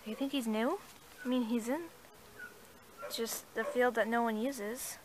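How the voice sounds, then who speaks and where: A woman plays every part of a homemade horse stable story and drops hesitant fillers between lines. Her voice sits high and she speaks at an unhurried pace. Faint noise hums behind her. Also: steady tone. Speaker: toy horse story creator.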